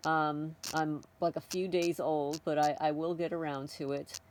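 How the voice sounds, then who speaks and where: A woman's voice: low-pitched, flat delivery, a little slow, a little mellow, a little hiss or hum. A woman hosting her own channel, talking casually to camera in a blunt, outspoken way and often circling back to repeat her points. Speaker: channel host.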